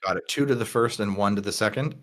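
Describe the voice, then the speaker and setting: A man's voice: lowish voice, quick pace, fairly bright tone. A patient male game master. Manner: patient, explanatory, breaks into voices. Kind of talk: narrating a tabletop game.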